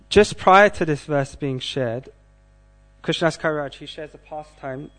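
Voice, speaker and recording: A man giving a scripture class, speaking in a measured way and asking the audience questions. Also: medium pitch.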